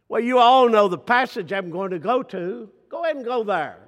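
An older man preaching a sermon, slow and emphatic, dropping to soft near-whispers and asking the congregation rhetorical questions. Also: high voice, animated. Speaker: pastor. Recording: reverberant hall.

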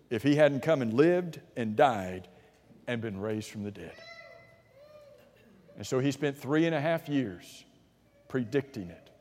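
A man preaching a sermon, swinging from loud, rising emphasis to hushed, low asides and answering his own rhetorical questions. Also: in a large hall.

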